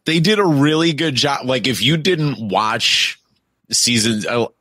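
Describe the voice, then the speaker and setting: A man co-hosting a podcast in casual chat, playful and quick to laugh. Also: mid-range voice, animated, sharp tone, slightly rough, no room sound. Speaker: podcast co-host.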